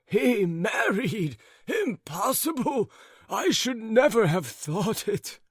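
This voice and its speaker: A man voicing an amused old gentleman who speaks slowly and indulgently to his wife. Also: high voice, big pitch swings, no echo, studio quality, pitched above the performer's own voice, heavily acted. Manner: chuckling, slow and indulgent.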